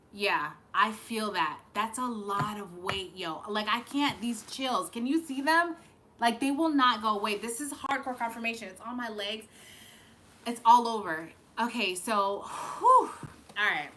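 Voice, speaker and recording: Woman, live-stream psychic reader; bright, pressing tone; tearful, rambling, profane. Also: mid-range voice, a little slow, slight background noise. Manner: emotional, rambling, with frequent swearing and restarts. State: fighting back tears. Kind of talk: live-streamed channeled reading.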